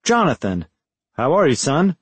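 Guy reading as a sorry-sounding dad calling from prison, bit higher than the narrator, begging to reconnect, dry close sound. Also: huge pitch swings, a little slow, breathy edge, no room sound, heavily acted. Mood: pleading. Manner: pleading, apologetic. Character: remorseful middle-aged man, incarcerated father.

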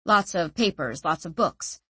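A woman narrating a story in measured, dramatic scripted narration. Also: on the low side, expressive, pushed and bright, breathy edge, no echo. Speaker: audiobook narrator.

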